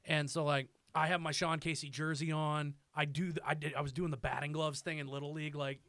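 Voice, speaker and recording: Thirties comedian guy, bright forceful voice, swears a lot, acts out the voices in his stories, dry close mic. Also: fairly high pitch, fairly quick, no echo. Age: 30s. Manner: animated storyteller, profane, acts out quoted voices. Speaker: stand-up comedian guest. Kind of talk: casual podcast chat.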